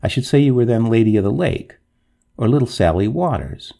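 A man voicing an exasperated gentleman, master of a manor, who talks with testy, sarcastic, old-fashioned politeness. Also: medium pitch, animated, brisk, vocal fry.

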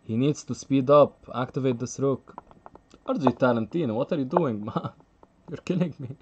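A man's voice: mid-range voice, moderate pace, a little mellow, lo-fi sound, a little hiss or hum. A man commentating live chess on a stream, chatty and thinking aloud, laughing often and reading out the chat.

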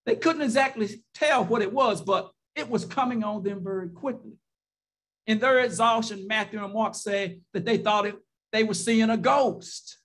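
A man's voice: high voice, moderate pace, fairly bright tone. A man preaching a sermon as pastor, building his points with rhetorical questions and repeated phrases, sometimes stretching words out for emphasis.

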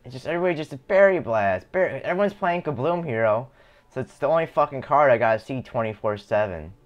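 Profane, animated male streamer. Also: medium pitch, fast, muffled recording. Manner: profane, rambling, complaining. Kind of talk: casual live-stream commentary while gaming.

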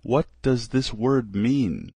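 A man slowly reading short practice phrases aloud for a language lesson, one at a time with pauses. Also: mid-range voice, big pitch swings, gravelly, dark tone, slightly rough, no echo.

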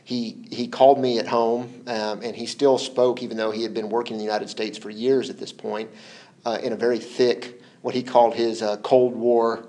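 A man as an interview guest, telling stories in a relaxed, hesitant way, repeating words and laughing often. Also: medium pitch, moderate pace. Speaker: interview guest, former translation collaborator. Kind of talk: relaxed conversational storytelling.

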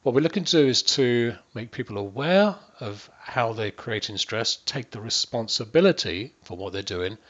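A man's voice: mid-range voice, fairly bright tone, dull audio. A man working as a wellbeing coach, talking straight to camera in an earnest, emphatic way and repeating words for stress.

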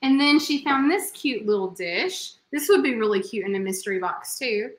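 A woman's voice: fairly high pitch, lively intonation, moderate pace, reverberant, slight background noise. A woman co-hosting a live vintage reselling stream, chatting casually as she shows thrift finds. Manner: chatty, showing items. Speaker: co-host of a live reselling show.

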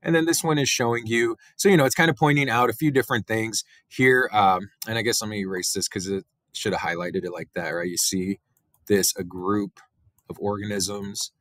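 A male teacher giving a relaxed biology lecture, talking through slides with many fillers and "right?" tags. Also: on the low side, moderate pace, no room sound. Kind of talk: recorded classroom lecture.

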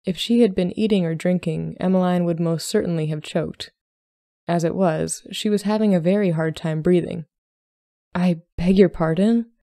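Gravelly, mellow woman reading a story. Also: fairly low pitch, steady tone, moderate pace, no room sound, clean studio sound. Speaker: podcast host reading a story. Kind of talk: storybook narration.

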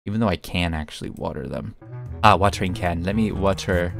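A man's voice: low voice, a little fast, gravelly, fairly bright tone, faint music behind. A young man giving playful, chatty gameplay commentary, talking to himself as he plays and giggling often. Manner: chatty and giggly, talks to himself while playing. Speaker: gaming YouTuber.

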